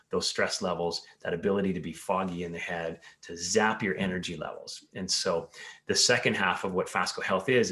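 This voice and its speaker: A man's voice: low-pitched, fairly bright tone. A man in an interview who explains health ideas in an earnest, coaching way, now and then acting out the words of his patients. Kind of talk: interview conversation.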